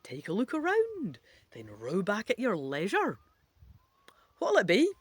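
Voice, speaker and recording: A woman reads a choose-your-own-adventure story aloud at an unhurried pace, her pitch swooping widely. She breaks off for playful, chatty asides. The sound is dry and close. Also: wildly swooping pitch, husky, no echo. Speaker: reader of an interactive adventure book. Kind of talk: reading a gamebook aloud with asides.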